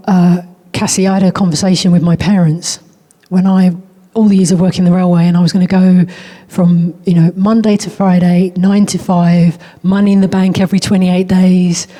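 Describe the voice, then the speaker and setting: A woman's voice: fairly low pitch, steady tone, a little fast, warm tone. A woman hosting a conference panel, chatty and anecdotal, putting open questions to the panellists. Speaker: panel host, broadcaster. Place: conference hall.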